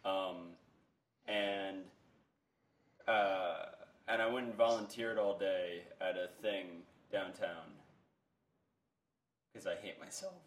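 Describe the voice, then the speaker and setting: Sarcastic male co-host, mid-pitched, roomy and slightly distant from the mic. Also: fairly even intonation, slow, long pauses. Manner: dry, sarcastic. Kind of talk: casual chat. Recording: roomy sound, a bit off-mic.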